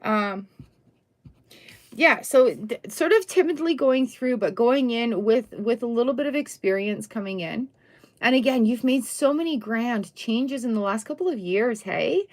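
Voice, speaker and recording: A woman's voice: on the high side, expressive, a little slow, darkish tone. A middle-aged woman doing a casual, chatty tarot reading on a live stream, full of upbeat exclamations. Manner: chatty, upbeat, exclamations and little sung bits.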